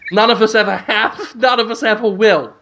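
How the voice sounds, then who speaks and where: A man co-hosting a podcast, chatting casually with deadpan, absurd jokes. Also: high voice, background noise. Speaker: podcast co-host. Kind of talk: casual comedic chat.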